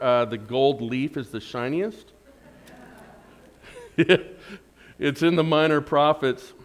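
A middle-aged man preaching a sermon in a conversational, joking way, asking the congregation questions and swinging between loud emphasis and quiet asides. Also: a little high. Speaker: pastor.

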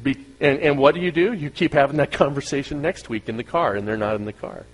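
A man preaching a sermon as pastor, speaking with animated emphasis, asking the congregation rhetorical questions and acting out voices of listeners. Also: mid-range voice, quick pace, slightly rough, rough recording. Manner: acts out quoted voices of listeners.

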